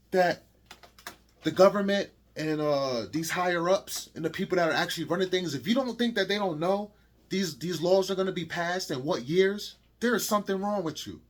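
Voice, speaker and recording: A man from Connecticut with a notably high voice delivers a heated, preachy rant straight to his audience. He often stumbles and restarts mid-phrase and keeps tagging lines with "man". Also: a bit bright. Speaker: vlogger. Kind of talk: opinion rant to camera.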